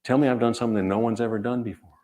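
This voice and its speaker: A man, an author, speaking to an audience in a measured, earnest way, telling stories and repeating key phrases. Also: medium pitch, fairly even intonation, warm tone. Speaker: author giving a reading and talk. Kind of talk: reflective storytelling talk to an audience.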